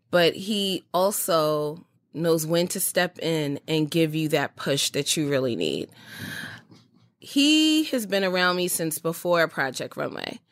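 A woman's voice: on the low side, fairly bright tone, dry recording, clean studio sound. A woman hosting a podcast, chatting casually and speaking from the heart. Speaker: podcast host. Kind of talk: casual chat.

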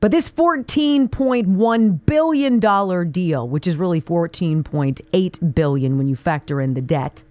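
A woman's voice: on the low side, unhurried, few pauses, a little mellow, dry recording. A woman hosting a talk radio show, delivering an indignant opinion monologue full of rhetorical questions. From Pittsburgh area.

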